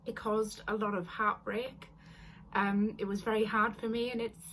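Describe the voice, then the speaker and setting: A woman's voice: mid-range voice, flat delivery, moderate pace, a bit bright, a little hiss or hum. Emotional young woman vlogging. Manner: emotional, apologetic, earnest. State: tearful at times. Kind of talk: personal confessional story.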